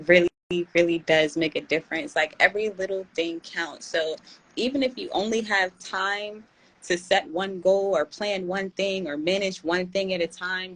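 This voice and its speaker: A woman's voice: on the low side, rough recording. A young woman, hosting a tarot channel and talking casually and slangily to her viewers. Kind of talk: casual livestream chat.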